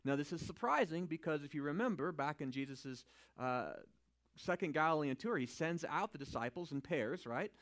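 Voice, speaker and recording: A man teaching from the Bible in a relaxed, conversational way, his voice sitting a little high for a man. He swings from quiet asides to loud, emphatic lines and keeps checking in with his listeners. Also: moderate pace. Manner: informal, checks in with "right?".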